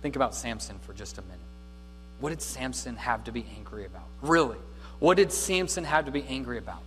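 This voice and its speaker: A man preaching a sermon as a pastor, with dynamic preaching that swings from loud to hushed. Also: mid-range voice, expressive, a little fast, breathy edge, soft background music. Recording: reverberant hall with faint mains hum.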